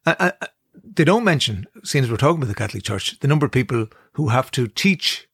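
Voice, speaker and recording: A man in his fifties with an Irish accent hosts a radio talk show. His voice is mid-pitched and recorded dry and close. He chats conversationally and pauses now and then to think. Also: very animated, vocal fry, fairly bright tone, husky, no room sound. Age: 50s. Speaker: radio host. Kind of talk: casual chat.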